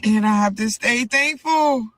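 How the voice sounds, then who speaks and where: A woman's voice: a little high, a little slow, fairly bright tone, no room sound, low-quality recording. A young woman boxer talking to camera from inside a car before a fight, rambling and earnest, repeating her words. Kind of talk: personal vlog monologue.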